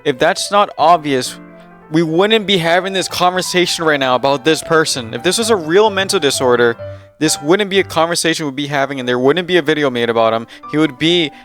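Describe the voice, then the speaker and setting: A man's voice: fairly high pitch, brisk, fairly bright tone, faint music behind. A man reacting casually to a video, blunt and crude with joking asides.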